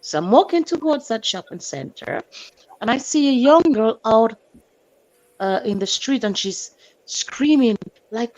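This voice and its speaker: A woman on a stream telling a story from her day with animated delivery, acting out her own shouts and sometimes hunting for words. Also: on the high side, unhurried. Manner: hunts for words, fills with "um". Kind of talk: casual storytelling. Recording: dull lo-fi stream audio.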